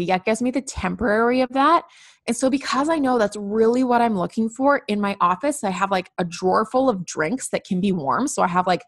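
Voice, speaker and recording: A woman's voice: mid-range voice, fairly bright tone, no echo, clean studio sound. A woman talking candidly and chattily as a podcast guest, with lots of "like.". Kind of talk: casual podcast conversation.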